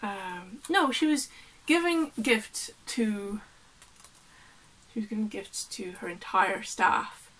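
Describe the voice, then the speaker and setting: A woman's voice: medium pitch, lively intonation, slow, pauses often, fairly bright tone, low-quality recording. A woman artist chatting casually and rambling as she unpacks her work, laughing often. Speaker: artist vlogger. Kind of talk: casual chat while unpacking.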